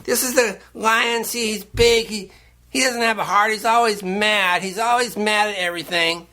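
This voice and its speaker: A man with a fairly high, very bright voice hosts a deadpan satirical monologue. He meanders through his points, stopping and restarting with odd, earnest conviction. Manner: meandering, halting, offbeat earnest delivery. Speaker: host.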